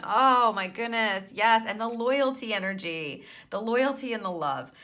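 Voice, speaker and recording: A woman's voice: fairly high pitch, very animated, slow pace, pushed and bright. A woman giving a tarot reading to camera, enthusiastic and chatty, often exclaiming and laughing. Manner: chatty, with many restarts and fillers. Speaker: tarot card reader.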